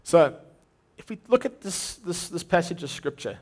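Guy preaching a sermon, kinda high-ish voice, earnest, keeps restarting words. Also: animated, normal speed, darkish tone.

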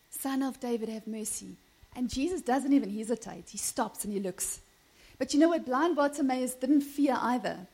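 A woman preaches with animated energy, her voice sitting high. She keeps calling out to the congregation for amens and breaks into laughter as she talks. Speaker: pastor. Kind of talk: sermon.

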